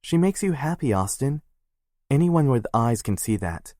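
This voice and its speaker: A brash young woman, as a male narrator puts her on, swearing freely and jabbing with teasing remarks in a raised, pushed-up voice. She talks loud and blunt, her tone lifted well above a deep natural register, and the sound is close and dry. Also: animated, normal speed, dry recording, natural voice. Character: brash, foul-mouthed young woman, tattoo shop worker.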